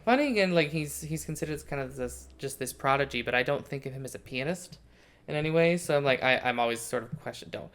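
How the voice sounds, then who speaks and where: Jokey rambling podcast dude, faint hiss behind him. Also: male voice, medium pitch, lively intonation, fast, fairly bright tone. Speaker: podcast co-host. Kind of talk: casual album-review chat.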